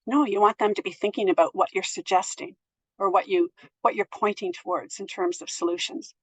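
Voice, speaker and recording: Woman presenting, thoughtful and gentle. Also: medium pitch, fairly even intonation, a little fast, husky, no echo, poor audio. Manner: thoughtful, gentle, with many fillers and restarts. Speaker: board governance speaker. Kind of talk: presentation to an audience.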